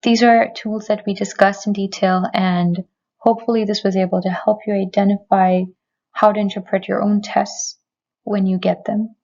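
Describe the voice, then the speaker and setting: A woman physician delivers a prepared medical lecture in a measured, explanatory way. Her voice sits at a middling pitch. The recording sounds slightly dull and lo-fi. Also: little pitch movement, darkish tone. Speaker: physician giving a health lecture. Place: remote recording, not in person.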